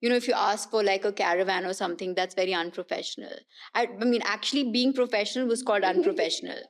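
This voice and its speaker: A woman's voice: medium pitch, racing. A woman, a guest on a podcast, telling stories animatedly and laughing often. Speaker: guest, actress and politician. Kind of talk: casual podcast conversation.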